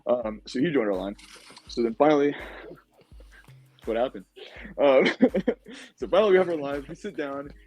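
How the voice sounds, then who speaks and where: A young man, a podcast guest, casually recounting a game-show experience in an animated way, with lots of fillers. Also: medium pitch, normal speed, long pauses, slightly rough, faint music behind, rough recording. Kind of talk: casual storytelling.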